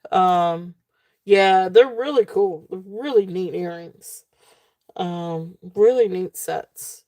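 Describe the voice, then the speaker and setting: A woman hosting a live jewelry sale stream, talking casually with many fillers and a relaxed, tired manner. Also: on the low side, slow pace, no room sound, clean studio sound.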